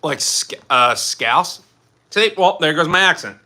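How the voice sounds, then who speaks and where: A man's voice: on the high side, lively intonation, unhurried, pushed and bright. A man from Philadelphia with a Philly accent, hosting a casual livestream, chatting in a loose, rambling way and reading out comments. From Philadelphia, USA. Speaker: livestream host.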